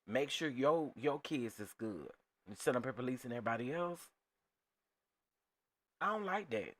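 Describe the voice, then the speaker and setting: A man's voice: mid-range voice, animated, normal speed, a bit bright. A man hosting a casual reaction commentary, talking emphatically to his viewers and repeating phrases. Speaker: commentary channel host.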